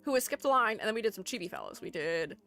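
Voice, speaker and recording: Over soft background music, a woman streamer talks fast in a mid-range, slightly bright voice with lively intonation. She critiques art in casual live-stream chatter, rambling along, giggling at herself, and running herself down.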